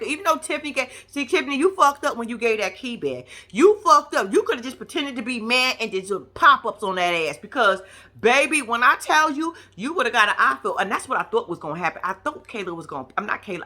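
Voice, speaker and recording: A brash, profane woman rants her reactions to a reality show. Her voice sits a little high and sounds bright and forceful, and she tells the story in an animated, gossiping way. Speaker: reality TV commentator. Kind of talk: casual reaction commentary.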